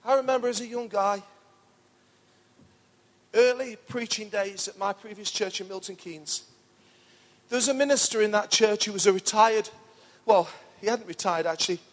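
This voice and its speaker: A middle-aged pastor preaching an enthusiastic, pumped-up sermon in a church hall. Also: male voice, high voice, moderate pace, long pauses.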